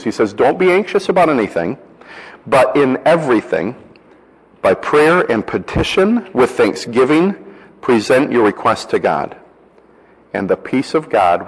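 Earnest male pastor preaching in a reverberant hall. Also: on the low side. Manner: earnest, repeats key phrases, leads congregation in reciting. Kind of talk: sermon. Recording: long reverb of a large hall.

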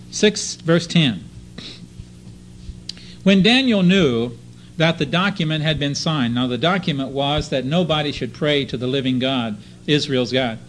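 A man's voice: fairly high pitch, a little hiss or hum, poor audio. A man preaching a sermon, reading scripture passages aloud and commenting on them in plain everyday talk.

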